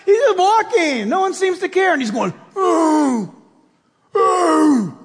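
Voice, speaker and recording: A man preaching a sermon as pastor, animated and playful, acting out voices and bits of dialogue. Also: very high-pitched, a little fast, big-room sound.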